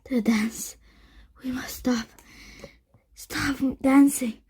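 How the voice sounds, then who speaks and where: A woman reading aloud who voices a tired older male knight, speaking in a hoarse, breathy whisper. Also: mid-range voice, slow, mellow, dry recording. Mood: exhausted.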